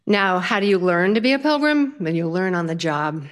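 An older woman telling a humorous personal story to an audience, lively and self-mocking. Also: fairly low pitch, normal speed.

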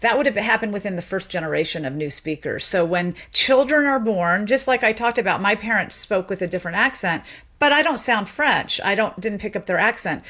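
A woman with a Southern US accent talks at length as an interview guest, explaining her field with lively energy. Her voice sits at a middle pitch, and she scatters "you know" and light laughs through long answers. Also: fairly quick. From Memphis, Tennessee, USA. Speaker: guest linguistics professor.

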